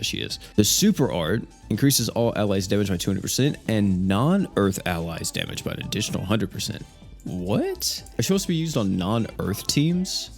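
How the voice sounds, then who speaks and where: A young man giving casual, animated commentary on a mobile game update, thinking aloud and laughing now and then. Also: fairly low pitch, vocal fry. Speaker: gaming YouTuber.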